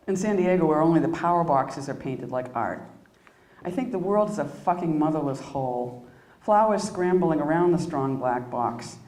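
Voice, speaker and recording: A woman poet giving a live reading of her own poems, with halting, self-deprecating asides between them. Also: low voice, dark tone. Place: indoor reading room at an arts center. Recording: echoey room.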